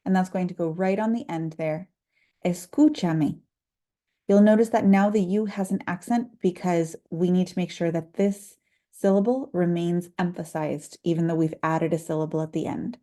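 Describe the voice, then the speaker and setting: Female language teacher, lowish mellow voice, patient and clear, slows to model words. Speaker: Spanish teacher. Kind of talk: instructional video lesson.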